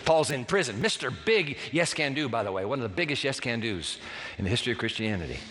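A man's voice: mid-range voice, lively intonation, fast talker, fairly bright tone, big-room sound, a little hiss or hum. A man preaching a sermon as pastor, with dramatic, emphatic delivery and big swings in his voice.

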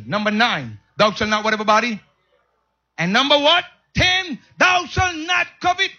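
A man preaching a sermon, calling out to the congregation and swinging between loud shouts and soft asides, often repeating words. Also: high-pitched, slightly rough, dull audio. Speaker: pastor.

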